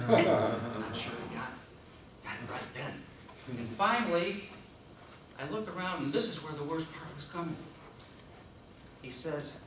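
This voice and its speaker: A man gives a humorous speech and swings his pitch widely as he tells the story. He is recorded from a distance in a very echoey meeting room. Noise runs underneath. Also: measured pace, pauses often. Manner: animated comic storytelling. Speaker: contest speaker.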